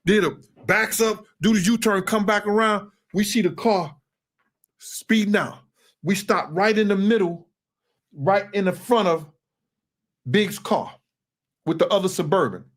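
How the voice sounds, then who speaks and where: A man telling a tense story in a casual interview, acting out quoted shouts with an animated delivery. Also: high voice, unhurried, pauses often. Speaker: interview guest.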